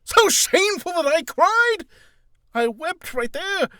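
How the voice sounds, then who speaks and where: A man putting on an overexcited fellow blurting out a wild bar story, loud and squealing. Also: very high-pitched, very animated, takes it slowly, dry recording, studio quality, pitched above the performer's own voice, heavily acted. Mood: manic.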